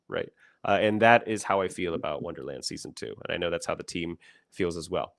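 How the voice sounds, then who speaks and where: A man's voice: deep voice, brisk, creaky, dry recording, studio quality. A young man hosting a casual livestream, rambling with many fillers and restarts and laughing often. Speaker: company founder hosting a livestream.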